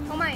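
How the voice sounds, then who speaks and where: A young woman vlogging at an outdoor theme park, chatty and giggly, filming on a handheld phone. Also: very high-pitched. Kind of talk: casual vlog chat. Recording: loud crowd and music noise.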